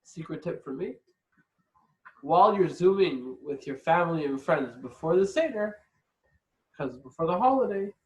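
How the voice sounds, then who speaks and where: A man's voice: a little high, lively intonation, normal speed, long pauses, roomy sound, dull audio. A man giving an informal, chatty lesson with joking asides. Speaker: teacher explaining a ritual meal. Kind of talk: informal instructional talk with joke-telling.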